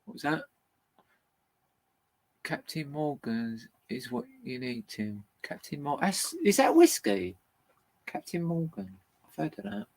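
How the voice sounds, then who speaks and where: A man's voice: a little high, sing-song, unhurried, gravelly, pauses often, darkish tone. A British man chatting casually on a live stream from home, laughing often and swearing freely. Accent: British English. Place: at home with his dog.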